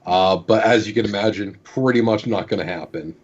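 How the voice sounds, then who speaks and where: A man co-hosting a gaming podcast who explains the news in casual chat, often pausing with "uh". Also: on the low side. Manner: explaining with many fillers. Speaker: podcast co-host presenting news. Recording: slightly dull lo-fi audio.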